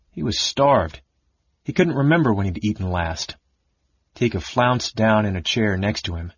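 Low, husky male audiobook narrator. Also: no echo. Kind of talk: dramatic fantasy audiobook narration. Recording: dull lo-fi audiobook recording.

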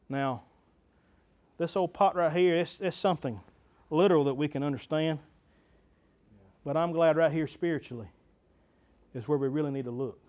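A man preaching a sermon to his church, earnest and building to fervent emphasis, with stammered restarts. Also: sits high. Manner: repeats himself and stammers on restarts.

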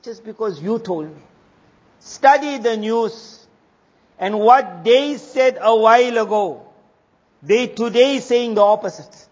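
A male Islamic teacher preaches slowly in a high voice, posing rhetorical questions and answering each one himself. The sermon comes from a lo-fi recording made in a reverberant hall.

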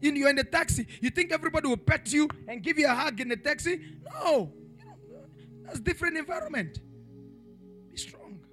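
A man's voice: very high voice, very animated, a little fast, faint music behind. A male pastor preaching a sermon in church, emphatic and repetitive, with rhetorical questions and bursts of tongues. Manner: preaching with rising shouted passages and speaking in tongues. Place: church in Pretoria.

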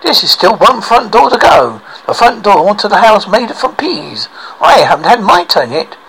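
A man voicing a calm, clever little boy with a steady manner in a read-aloud storybook. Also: sits high, normal speed, gravelly, husky, pitched above the performer's own voice, heavily acted, low-quality recording.

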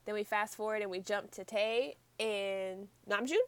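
A woman's voice: medium pitch, steady tone, moderate pace, smooth. A woman casually recapping a show with friends, chatty and giggly, using many "like" fillers. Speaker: podcast co-host.

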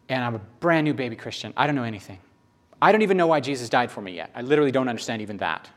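A man preaching a sermon, emphatic and repetitive, swinging between loud bursts and hushed lines. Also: mid-range voice.

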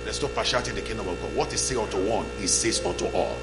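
A man preaching a sermon as pastor, calling the congregation to shout back, in a church hall with music and hum behind. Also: on the low side, racing. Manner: call-and-response, shouting bursts.

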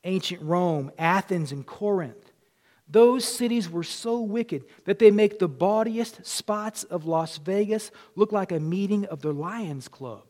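Man, Southern accent, pastor, sermon, high voice, rises loud then drops quiet. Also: a little slow. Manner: preaching with swings from loud to hushed.

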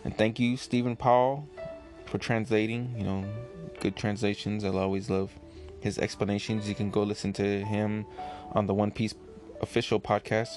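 A man with a fairly low voice talks through a comic chapter in a loose, rambling way, filling gaps with "you know" and "like". Faint music plays softly underneath him. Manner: relaxed, rambling, many fillers. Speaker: comic reviewer. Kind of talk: casual chapter review.

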